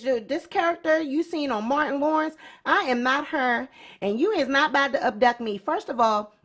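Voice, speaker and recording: A woman's voice: sits high, moderate pace, fairly bright tone. A woman hosting a celebrity gossip show, talking casually and sassily straight to her viewers. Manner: sassy, talks straight to viewers. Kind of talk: casual commentary.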